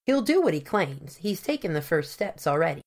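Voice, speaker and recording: A woman reading as an earnest gentleman scientist. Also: on the low side, sing-song, moderate pace. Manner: precise, explanatory, long formal sentences.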